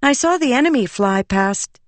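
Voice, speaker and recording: A woman's voice: a little high, lively intonation, normal speed, no room sound, pitched above the performer's own voice, natural voice. A woman voicing a small, wistful female spirit in a light, airy voice, in an audiobook. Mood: alert.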